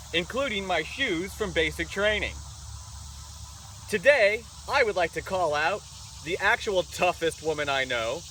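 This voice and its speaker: A man's voice: high voice, sharp tone. A man vlogging a fitness challenge on a farm, talking in a playful, upbeat and jokey way. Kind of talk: casual to-camera vlog. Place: outdoors on a farm. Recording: distant outdoor mic with faint rural noise.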